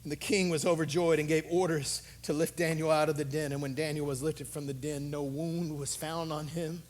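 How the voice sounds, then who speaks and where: A male pastor preaching a sermon in an impassioned way, moving between hushed low talk and loud, urgent exhortation. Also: flat delivery, normal speed.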